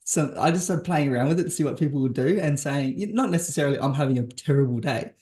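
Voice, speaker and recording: An Australian man hosting a podcast interview, his voice sitting a little higher than most men's. He talks in a loose, casual way and laughs easily. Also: quick pace, warm tone. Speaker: podcast host.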